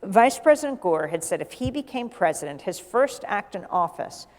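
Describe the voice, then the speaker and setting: A middle-aged woman journalist, a guest in an onstage conversation, telling a lively anecdote and acting out the dialogue. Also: mid-range voice, normal speed. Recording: long hall reverb.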